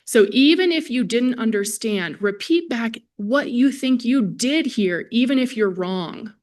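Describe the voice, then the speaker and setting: A woman's voice: a little high, lively intonation, a little slow, a little mellow. A woman gives a lecture at a symposium, friendly and conversational as she speaks straight to the people in the hall. She is a speech-language pathologist, and her voice comes through a presenter microphone. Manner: friendly, conversational, addresses audience directly. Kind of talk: conference lecture to a live audience.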